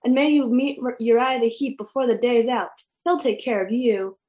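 A woman's voice: a little high, normal speed, highs cut off, close to an everyday voice. A woman voicing a furious witch who shrieks and orders intruders away. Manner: shrieking, imperious. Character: angry shrieking witch mixing potions.

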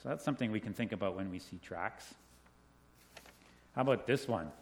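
Middle-aged guy telling kids a story, lots of questions, chatty and animated. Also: fairly low pitch, a little fast. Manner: animated, asks questions, laughs often. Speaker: children's talk leader. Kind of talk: friendly storytelling to children. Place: indoors with a group of children.

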